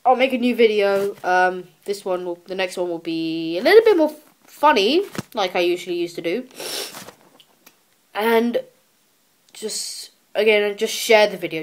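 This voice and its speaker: A teenage girl records a personal video diary on a handheld camera, speaking earnestly and emotionally, pleading and often pausing to restart. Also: medium pitch, animated. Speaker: vlogger.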